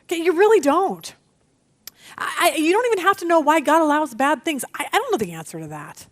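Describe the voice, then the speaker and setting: A middle-aged woman teaching a women's Bible study, chatty and animated, telling stories against herself. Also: high-pitched, brisk. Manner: animated, chatty, self-deprecating storytelling.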